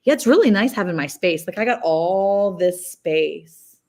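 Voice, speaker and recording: A woman's voice: lowish voice, expressive, measured pace, darkish tone. A woman with a Southern US accent, co-hosting a casual chat over a video call and telling stories with drawling quoted asides. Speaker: co-host.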